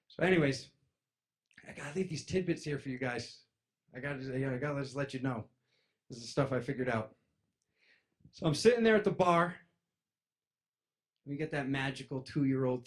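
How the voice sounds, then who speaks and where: A man giving a casual spiritual talk to an audience, telling stories and acting out other people's voices. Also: medium pitch. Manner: animated, acts out voices in stories, addresses crowd as "you guys". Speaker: spiritual speaker.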